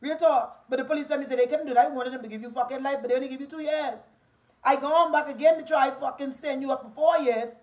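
A woman's voice: high voice, steady tone, quick pace. A woman with a Bahamian accent in an angry, profane ranting monologue, confrontational and repetitive.

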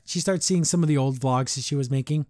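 A man's voice: medium pitch, fast, no room sound, clean studio sound. Rambling man recapping a cartoon. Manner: rambling, animated, mocking asides. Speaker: podcast host. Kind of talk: casual episode recap.

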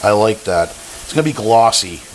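A man's voice: on the low side, animated, normal speed, a little hiss or hum. A man hosting a cooking show, demonstrating a recipe in a playful, jokey and enthusiastic way.

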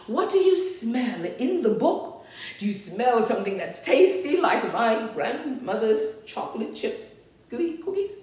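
A woman hosting a children's storytime in a giggly, theatrical way, often exclaiming "oh dear". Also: a little high. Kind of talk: playful storytime talk to children. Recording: very echoey room with faint music.

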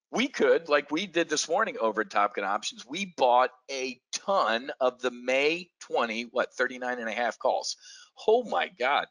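A man delivers a lively trading webinar pitch, calling out to the folks listening. His voice is bright and forceful, with sudden jumps in pitch to hammer home each point. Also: poor audio. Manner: animated, folksy, speaks straight to the listeners. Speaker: options trading webinar presenter. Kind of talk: energetic trading pitch to an audience.

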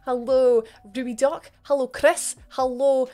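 A woman's voice: high voice, little pitch movement, measured pace, warm tone. A young woman live streamer chatting casually and playfully with her viewers. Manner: bubbly and playful, jokes with chat. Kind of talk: casual chat greeting viewers.

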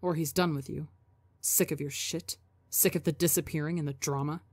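A woman's voice: deep voice, fairly even intonation, normal speed, darkish tone, dry recording. Woman reading as a nasty taunting inner voice. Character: cruel nagging inner voice.

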